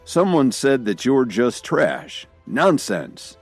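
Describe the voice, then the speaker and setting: A man voicing a brash, confident young heir who speaks loudly, set apart from his narration by a different tone. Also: low voice, big pitch swings, unhurried, husky, faint music behind, heavily acted. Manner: loud, brash.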